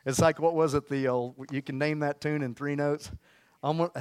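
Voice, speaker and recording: A man preaching a lively sermon, shouting out exclamations and leading the congregation in call-and-response. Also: on the high side, brisk, clear, resonant tone, no room sound.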